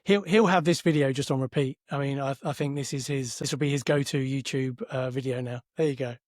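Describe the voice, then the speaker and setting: A man's voice: medium pitch, fairly even intonation, a little fast, no room sound, clean studio sound. A man hosting a podcast in a friendly, affirming way, with some hesitant fillers. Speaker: podcast host. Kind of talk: casual interview chat.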